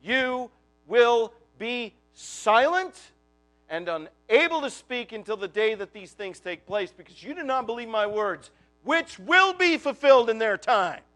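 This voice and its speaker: A man's voice: very high voice, lively intonation, faint music behind, exaggerated voice. A man voicing an indignant archangel. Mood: commanding. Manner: loud, slow and emphatic. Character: indignant male archangel, exasperated and commanding.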